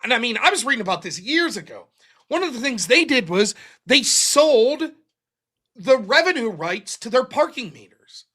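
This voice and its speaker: A man's voice: very high-pitched, sing-song, moderate pace, sharp tone, husky. A man in his forties hosting a call-in show, talking bluntly and profanely, acting out quotes as he argues. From United States. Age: 40s. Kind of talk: casual political monologue.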